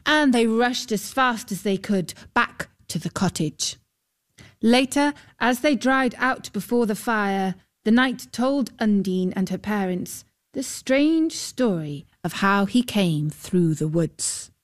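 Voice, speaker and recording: Slow, calm woman reading a story. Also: medium pitch. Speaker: narrator.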